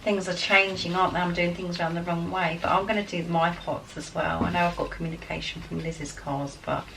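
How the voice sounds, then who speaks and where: An enthusiastic woman reads tarot cards and gives spiritual guidance, talking straight to her viewers with a lot of excitement. Her voice sits on the low side and has a gravelly edge. The mic is some way off, and faint noise hums underneath her. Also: a little fast, far from the mic, poor audio. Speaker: tarot card reader. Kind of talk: spiritual guidance reading to camera.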